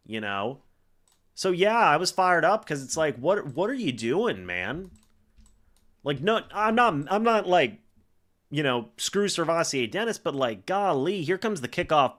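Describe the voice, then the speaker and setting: Animated young man reacting live. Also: on the high side. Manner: excitable play-by-play with frequent fillers. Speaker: live-stream host. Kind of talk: live game reaction stream.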